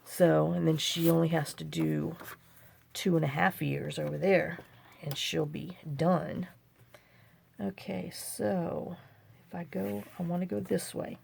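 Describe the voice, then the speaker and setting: A woman's voice: on the low side, fairly even intonation, a little slow, gravelly, darkish tone, slight background noise. An older woman hosting a chatty crafting tutorial, rambling and talking to herself as she works at a home craft table. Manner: rambling, chatty, talks to herself while working.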